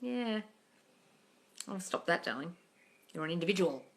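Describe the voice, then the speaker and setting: A woman's voice: on the low side, animated, measured pace. A woman coach reading viewer questions aloud on a casual live stream, blunt and full of swearing, calling everyone darling.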